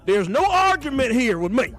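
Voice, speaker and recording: A man's voice: very high-pitched, sing-song, normal speed, a bit bright, soft background music, exaggerated voice. A man voicing a fawning, bigoted old-timer who drawls and keeps saying "I tell you what," in a mocking livestream caricature. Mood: preachy agreement.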